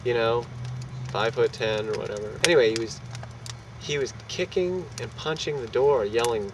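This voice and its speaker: A man of middle pitch tells a wild anecdote with swagger and plenty of swearing, jumping into the voices of the people in it. He sits well back from the mic, out on a city street with loud traffic rolling past. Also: moderate pace, recorded from a distance. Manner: animated, profane, acts out quotes. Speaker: storyteller. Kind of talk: casual anecdote.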